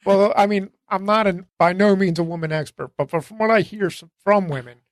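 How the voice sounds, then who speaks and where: A man co-hosting a podcast with a notably high voice and a folksy way of explaining things. His sentences ramble and trail off into low mutters. The sound is dry and close. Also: fairly quick, dry recording. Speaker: podcast co-host. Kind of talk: casual crude banter.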